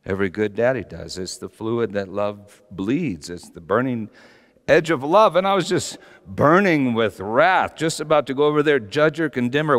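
A middle-aged man preaching a sermon, telling stories passionately and rising to shouts. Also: mid-range voice, moderate pace. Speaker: pastor. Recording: long hall reverb.

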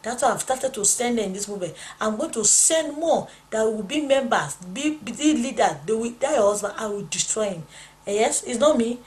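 A woman's voice: a little high, lively intonation, brisk, darkish tone, lightly acted. A woman voicing a spiteful boastful male Satan. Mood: menacing boast. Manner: threatening, taunting, repetitive.

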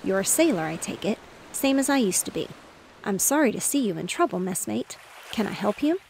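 Old retired sailor, gruff but kind, woman reading him, mid voice. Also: mid-range voice, sing-song, a little fast, darkish tone, slight background noise, rough recording. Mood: homely.

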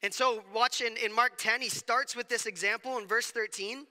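A man delivering a sermon as pastor, in a conversational, animated way with quick asides. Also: very high voice, long reverb tail. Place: church sanctuary.

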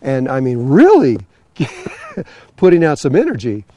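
A man's voice: medium pitch, wildly swooping pitch, a little slow, dark tone, dry recording. A man telling a long personal story to an audience, rambling with many fillers and restarts. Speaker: spiritual teacher telling a story. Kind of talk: storytelling talk.

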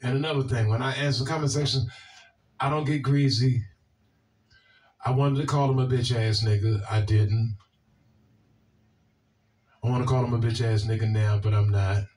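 A man's voice: medium pitch, fairly even intonation, normal speed, long pauses, a little mellow, far from the mic. A man with a Washington, D.C. accent hosting a video, answering viewer comments in a blunt, profane way and often repeating himself. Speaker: video host.

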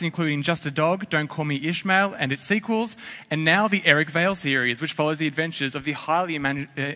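Aussie guy hosting a school session, upbeat and bright, echoey hall. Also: a little high. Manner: upbeat, enthusiastic announcer. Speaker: festival session host. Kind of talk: introducing speakers to a school audience. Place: large festival hall. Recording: long hall reverb.

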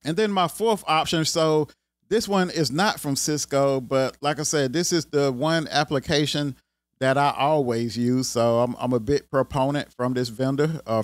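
A man's voice: medium pitch, no room sound. A man with a Southern country accent hosting an IT career video, talking casually and rambling with lots of "you know what I'm saying.". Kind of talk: casual talk to camera.

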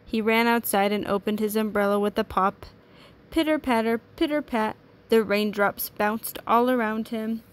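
A woman teacher reading a children's picture book aloud to a class, in clear, sing-song storytelling. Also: mid-range voice, little pitch movement, moderate pace, hardly any pauses.

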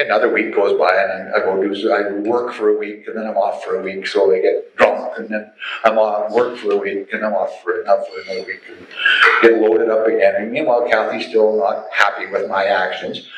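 A middle-aged man tells his personal testimony as an animated storyteller who acts out the voices. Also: on the low side, moderate pace, slight background noise. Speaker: testimony speaker. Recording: echoey room, faint ambience.

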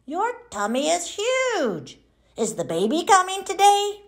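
A woman voicing Froggy, an eager, impatient little boy frog, in a high, animated childlike voice. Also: a little slow, full character voice.

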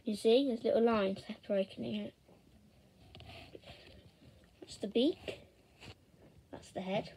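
Young woman, drawing tutor, unhurried and chatty, narrates step by step. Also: fairly high pitch, mellow, a little hiss or hum.

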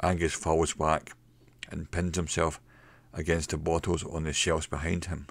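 A man narrating a mystery story in a slow, measured way. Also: very deep voice, level tone, gravelly, no echo.

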